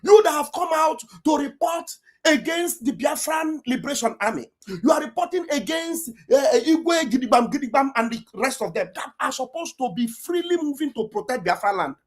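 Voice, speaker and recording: A woman's voice: high voice, lively intonation, fairly quick. A woman with an Igbo Nigerian accent delivering an impassioned, accusatory political rant, raising her voice at times. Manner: fiery, accusatory, raises voice at times. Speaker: online political commentator.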